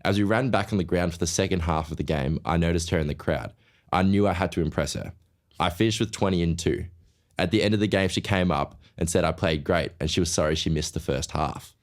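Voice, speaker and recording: A man's voice: low-pitched, brisk. A young man, a podcast co-host reading listener stories aloud in a casual way. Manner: reads aloud with laughs.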